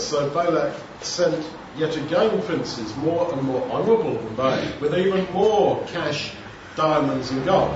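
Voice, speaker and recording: A man's voice: a little high, normal speed. Far-off man preaching in an echoey hall. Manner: conversational, rhetorical questions, acts out scenes. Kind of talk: expository sermon. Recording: distant, echoey, dull, noisy hall.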